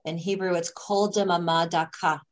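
A woman, a spiritual teacher, speaking in a measured, reflective way as a guest in a conversation. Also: fairly low pitch, steady tone, low-quality recording. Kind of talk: thoughtful conversation.

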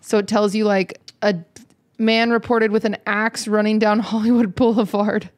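Brief: young woman host, teasing, giggly, rambling, mid pitch. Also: little pitch movement, moderate pace. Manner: teasing, laughs often, rambling restarts. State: a little out of it. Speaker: podcast host. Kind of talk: casual chat. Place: studio, seated beside the co-host.

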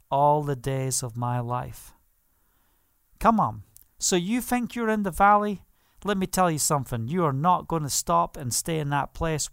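A man's voice: sits high, a bit bright, clean tone, no echo, clean studio sound. A man preaching a sermon, fervent, asking the listeners questions and laughing now and then. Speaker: pastor.

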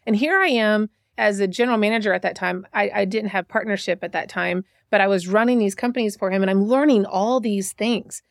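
A woman's voice: medium pitch, a little fast, vocal fry, few pauses, dry recording, studio quality. A middle-aged woman, a podcast guest, chatting casually and telling stories with frequent restarts. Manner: chatty storyteller, many restarts. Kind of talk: casual conversation.

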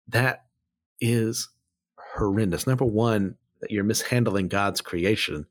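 A man's voice: on the low side, slow. Blunt, opinionated man teaching the Bible. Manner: blunt, opinionated, wanders off on tangents. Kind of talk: casual Bible commentary.

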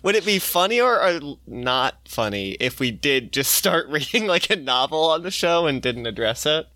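A young man co-hosts a loose comedy podcast, cracking jokes, laughing often and swearing casually. His voice is bright and lively, swinging widely in pitch, and it sits dry and close to the mic. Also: normal speed, no echo. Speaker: podcast co-host and editor.

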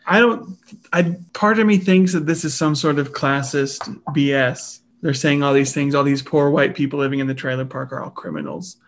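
A man co-hosting a podcast, chatting casually and quickly agreeing with the others. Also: on the high side, fairly even intonation. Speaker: podcast co-host. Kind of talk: casual chat.

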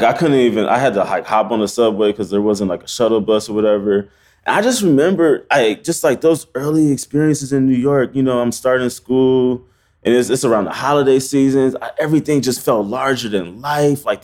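A man, a photographer as podcast guest, telling a story in a loose, slangy, animated way with many fillers. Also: on the low side. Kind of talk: casual storytelling interview.

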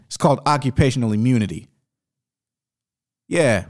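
A man's voice: mid-range voice, animated, normal speed, darkish tone, no echo, clean studio sound. A man reading newspaper clippings from a book aloud and commenting on them in an emphatic, sarcastic way. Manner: emphatic and sarcastic, with rising indignation. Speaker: video host reading from a book.

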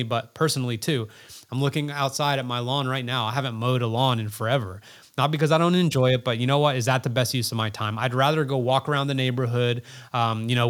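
Man, middle pitch, podcast guest in casual conversation, earnest and reflective, doubles back on words for emphasis. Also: a bit bright. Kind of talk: casual interview talk.

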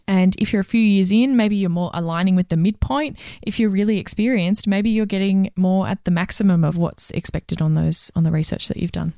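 A woman's voice: mid-range voice, steady tone, brisk, hardly any pauses, dark tone, dry recording, clean studio sound. A woman co-hosting a career podcast, chatting casually and explaining things through step-by-step examples. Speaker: career coach co-host.

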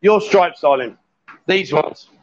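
A man's voice: on the high side, expressive, slow. Upbeat man cheering on pool players. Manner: cheery, coaxing, says "sweetheart" and "darling" a lot. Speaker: host. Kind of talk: casual live stream chat. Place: bar with a pool table. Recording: muffled, noisy bar live stream.

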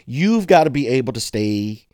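A man hosting a casual chat about leadership and conflict. He is an animated storyteller who acts out quotes and laughs along the way. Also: mid-range voice, moderate pace, no echo, clean studio sound.

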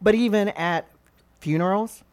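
A woman talking as a guest in a casual chat, an animated storyteller who laughs often. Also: mid-range voice, a little slow, no room sound. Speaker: guest, former Army police officer.

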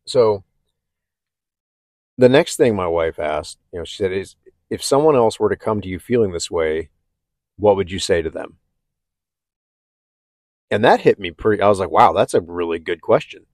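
A man talking candidly and haltingly about his own struggles, with many restarts. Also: low voice, expressive, darkish tone, dry recording, clean studio sound. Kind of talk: personal reflective talk.

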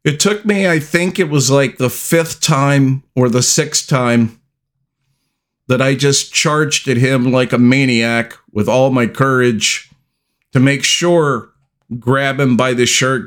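A middle-aged man hosting a podcast, telling a personal story in a slow, deliberate way with long pauses. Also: medium pitch, a bit bright. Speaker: podcast host.

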